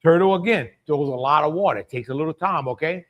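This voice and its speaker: This cooking show host is a middle-aged man from Louisiana whose Cajun accent comes through as he chats folksily on a live stream, calling out viewers by name. He speaks a little high and at a quick pace.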